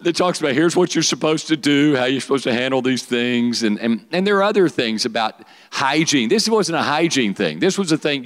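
A man preaching to young people in a middle-pitched voice. He talks in a lively, joking way and keeps asking the room to repeat words back to him. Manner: lively, joking, calls for audience responses. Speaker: youth pastor. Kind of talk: sermon.

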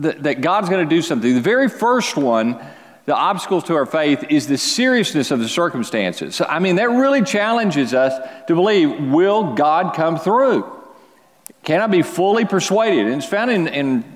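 A man preaching a sermon as pastor, speaking earnestly and conversationally, restarting phrases and pausing for emphasis. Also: a little high. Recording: long reverb of a large hall.

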